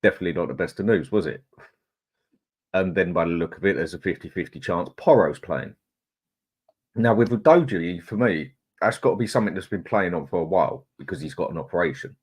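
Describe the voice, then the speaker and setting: A man's voice: low voice, expressive, a little fast, breathy edge. A middle-aged man, hosting a casual live chat, greeting viewers in a chatty, laid-back way. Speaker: livestream host.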